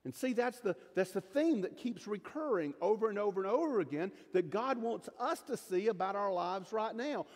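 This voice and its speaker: A middle-aged male pastor preaching a sermon in a folksy, emphatic way with jokes and asides. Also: sits high. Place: church sanctuary. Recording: long reverb of a church hall.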